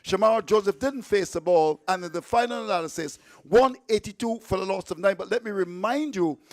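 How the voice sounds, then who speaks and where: A man's voice: high-pitched, no room sound. A man hosting live radio cricket commentary, chatty and playful, reading out the scorecard with stumbles.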